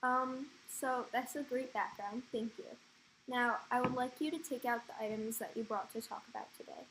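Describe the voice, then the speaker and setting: A woman interviewing her grandmother with soft, brief prompts. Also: fairly high pitch, normal speed, a little hiss or hum, rough recording. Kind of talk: family interview.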